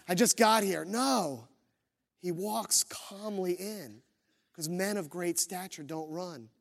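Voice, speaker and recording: A man preaching a sermon as pastor, telling the story with lively, acted-out quotes. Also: sits high. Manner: animated storytelling, acts out quoted voices.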